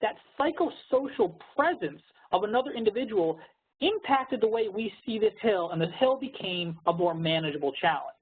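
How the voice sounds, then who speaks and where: A man's voice: sits high, animated, moderate pace, husky. A man co-presenting a webinar, explaining research studies in a lecturing way over a video call. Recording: narrow phone-like webinar audio.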